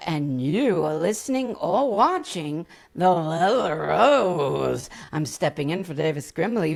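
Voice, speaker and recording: A man voicing a pompous male conspiracy podcast host with a slow, grave announcer delivery. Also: fairly high pitch, gravelly.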